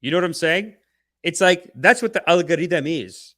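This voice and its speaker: Hyped-up bright-voiced male podcast host. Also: a little high, moderate pace. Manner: energetic, slangy hype talk with big swings in loudness; playful mock-spiritual preaching. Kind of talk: livestream podcast chat.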